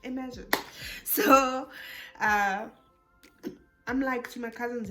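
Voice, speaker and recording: A young South African woman telling a storytime vlog, animated and code-switching, who rises into exasperated bursts. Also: mid-range voice, moderate pace, long pauses, soft background music. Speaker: YouTuber.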